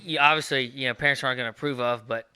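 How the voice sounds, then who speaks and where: A man, telling stories fast and acting out the quotes in a casual podcast chat. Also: medium pitch, clean tone, no room sound. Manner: fast, animated storyteller, acts out quotes. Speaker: podcast co-host.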